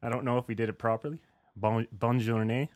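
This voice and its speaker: A man's voice: mid-range voice, fairly even intonation, a little fast, a little mellow. A man co-hosting a podcast in casual chat, jokey, laughing often and swearing. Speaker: podcast co-host.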